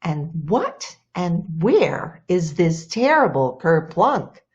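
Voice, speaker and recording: A woman's voice: fairly low pitch, sing-song, takes it slowly, a little mellow, highs cut off. A woman voicing a commanding male lion, king of the animals, in a told folktale.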